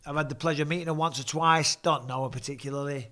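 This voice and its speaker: A man's voice: fairly high pitch, steady tone, fast, bright, forceful tone. A man in his forties with an English accent, casually commentating a fight and chatting with viewers on a home live stream, swearing freely. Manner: blokey, swears casually, reads viewer questions. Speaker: host.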